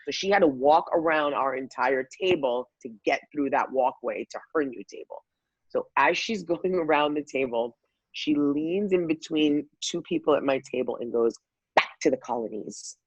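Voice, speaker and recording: A woman guest telling a lively personal story, acting out quotes from the people in it. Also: sits low, moderate pace, husky, no echo, highs cut off. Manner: lively, acts out quotes, many fillers.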